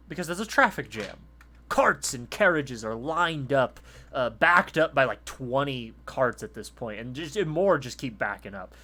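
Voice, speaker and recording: A man's voice: mid-range voice, pushed and bright. A man narrating a tabletop game as game master in a casual, profane way. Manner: casual, profane, laughs easily.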